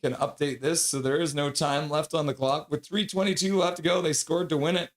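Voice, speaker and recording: A man calling a hockey game play-by-play on a live stream and reading viewer chat aloud. He is excitable, whooping and shouting at goals and laughing along with the comments. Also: fairly high pitch, fairly quick.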